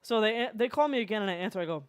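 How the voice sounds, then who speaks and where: A streamer chatting casually while drawing, telling animated stories and laughing often. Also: medium pitch, rapid-fire, smooth, dry recording, studio quality.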